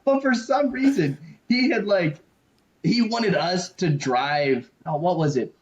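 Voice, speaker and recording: A young man co-hosts a podcast, spinning a story in loose chat and breaking into laughter as he goes. His voice sits a little high and he curses freely. The recording is dull and lo-fi. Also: lively intonation, a little slow. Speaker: podcast co-host.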